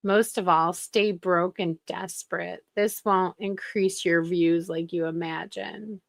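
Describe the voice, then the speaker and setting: A woman's voice: fairly low pitch, steady tone, takes it slowly, vocal fry, no echo. A woman hosting casual commentary in a sarcastic, gossipy way. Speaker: commentary channel host.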